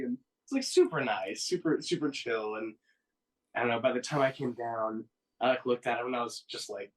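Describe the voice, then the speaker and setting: A man's voice: medium pitch, quick pace, distant mic, rough recording. A man in a band telling a tour story in casual podcast chat, laughing and acting out quotes with a raised voice. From Oklahoma. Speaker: band member, guest.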